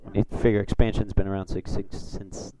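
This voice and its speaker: A man hosting a casual sports podcast, rambling through stats and getting excited over big plays. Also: on the low side, a little fast, a little hiss or hum, rough recording. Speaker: podcast host.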